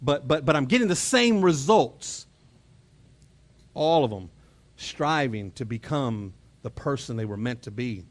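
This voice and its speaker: In a church auditorium, a pastor, a middle-aged Texan man, gives an unhurried, conversational sermon in a medium-pitched voice with lively intonation. Chuckling, he acts out family moments and mimics the exchanges, frequently repeating words.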